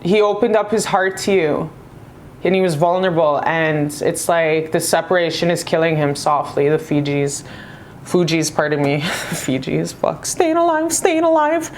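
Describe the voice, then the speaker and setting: A woman's voice: sits low, fairly even intonation, normal speed, slight background noise. A woman reading tarot in casual chat, effusive and affectionate, swearing freely as she talks to viewers. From Canada. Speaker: tarot reader.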